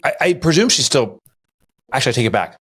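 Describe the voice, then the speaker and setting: A man co-hosting a podcast, telling stories in casual chat and mimicking others in a high voice. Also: very animated, quick pace, breathy edge. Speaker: podcast co-host.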